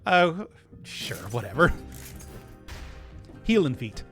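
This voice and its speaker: Young guy streaming a game, kinda high voice that bounces all over, rambly and laughing a lot. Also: sing-song, normal speed, long pauses, fairly bright tone, soft background music. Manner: chatty, rambling, laughs often. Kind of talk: live gameplay commentary.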